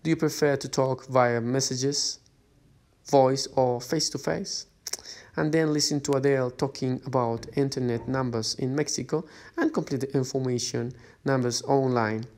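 A man's voice: medium pitch, fairly even intonation, normal speed, a little mellow. A man who teaches English, reading out a lesson's exercise instructions step by step. He speaks patiently and often checks in with a rising "okay?". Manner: plain, patient, reads exercise instructions aloud.

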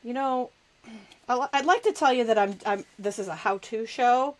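A woman's voice: fairly high pitch, normal speed, rough recording. A woman hosting a live crafting demonstration, chatty and self-deprecating, laughing often and talking while she works with her hands. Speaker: crafting show host.

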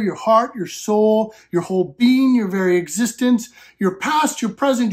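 A woman's voice: fairly high pitch, a little mellow. A woman pastor with an American accent preaching an earnest sermon that builds to fervent, emphatic passages.

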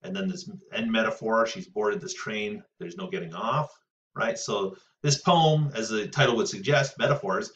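Male teacher, low voice, casual lecturing, muffled lo-fi sound from off-mic. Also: fairly bright tone. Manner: casual, frequent "right?" checks and filler pauses. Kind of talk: recorded lecture on poetry. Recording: distant, muffled lo-fi audio.

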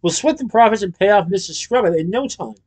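A man voicing an eager, excitable young male chocolatier who talks with bright urgency. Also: high-pitched, quick pace, pitched above the performer's own voice. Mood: excited.

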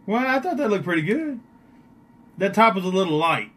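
A man's voice: high-pitched, big pitch swings, normal speed, fairly bright tone, breathy edge. A man doing a joking live-stream makeup session, teasing and boastful.

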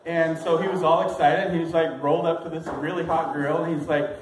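A man's voice: a little high, steady tone, a little fast. Rambling young man doing stand-up. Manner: rambling, hesitant, self-amused. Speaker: stand-up comic. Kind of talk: open mic stand-up storytelling. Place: small comedy venue. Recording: echoey room with clear noise.

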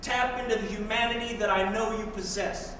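A man's voice: high-pitched, steady tone, a little fast, fairly bright tone. A man performing spoken word poetry in a wry, pointed way, with sarcastic asides, recorded live in an echoey hall from far off. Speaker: poet. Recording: echoey hall, mic far off, faint noise.

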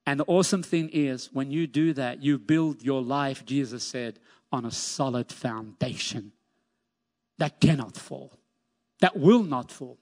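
A man's voice: mid-range voice, unhurried, darkish tone. A man preaching a sermon as pastor, emphatic, repeating key phrases and lifting his voice on scripture. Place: church sanctuary. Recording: long church reverb.

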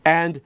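A man hosting his own comedy show, delivering a rambling, animated monologue full of restarts and quick mock voices. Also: no echo, clean studio sound. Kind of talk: comic monologue.

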